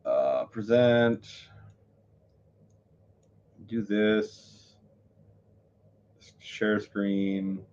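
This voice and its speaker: A man on a live stream, rambling through his thoughts with plenty of fillers and self-corrections. His voice sits on the low side, and the sound is a bit muffled and lo-fi. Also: expressive, drawn-out words, pauses often, a little mellow. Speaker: livestreamer. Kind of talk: casual live-stream chat.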